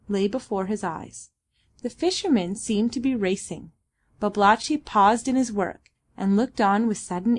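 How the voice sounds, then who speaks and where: A woman giving a steady, even audiobook narration. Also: mid-range voice. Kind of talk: scripted narration.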